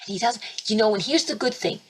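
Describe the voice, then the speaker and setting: A woman spiritual teacher hosting a webinar, talking emphatically and fervently, with sudden leaps in pitch and loudness. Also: fast, a little hiss or hum. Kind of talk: impassioned preaching webinar talk. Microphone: computer mic for a webinar.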